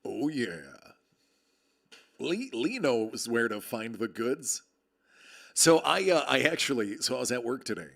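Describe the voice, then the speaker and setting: Gravelly man with a projected radio voice. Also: medium pitch, big pitch swings, unhurried, pauses often, a bit bright. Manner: projected, radio-style delivery; jokey, chatty, reads out viewer comments. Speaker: live-stream host. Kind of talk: casual live-stream chat. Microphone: close desk microphone with level meter.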